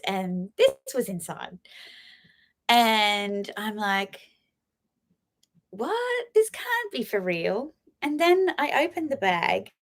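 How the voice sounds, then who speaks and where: A woman hosting a casual live stream about her fashion finds, gushing and emotional, with lots of laughs and fillers. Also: mid-range voice.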